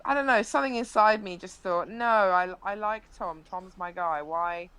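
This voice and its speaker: A woman's voice: medium pitch, moderate pace, a bit bright, clear, resonant tone, low-quality recording. A young woman, a live-stream interview guest, animatedly recounting an incident with frequent restarts.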